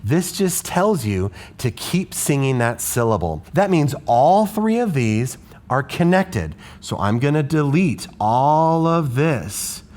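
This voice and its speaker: A man's voice: medium pitch, sing-song, takes it slowly, darkish tone. A male elementary music teacher who explains a classroom lesson in a patient, questioning tone.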